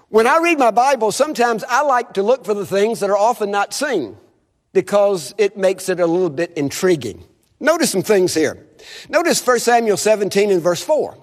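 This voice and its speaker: High-pitched guy preaching in a chapel, really animated, getting the crowd to repeat after him, echoey hall. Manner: animated, has the audience repeat phrases. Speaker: visiting preacher. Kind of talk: sermon. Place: chapel service.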